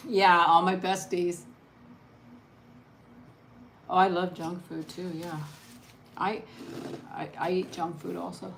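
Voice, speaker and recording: A woman with a fairly low voice chats softly while she eats on a livestream, drifting from one thought to the next. She laughs often. A faint hum of room ambience sits behind her. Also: level tone, takes it slowly, vocal fry, pauses often. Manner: chatty, soft-spoken, rambling, laughs often. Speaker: mukbang channel host. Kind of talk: casual eat-and-chat livestream.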